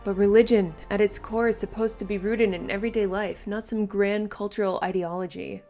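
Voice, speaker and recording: A woman's voice: medium pitch, fairly even intonation, a little fast, dark tone, faint music behind, natural voice. Earnest male tribal leader, a woman reading him aloud. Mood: pleading.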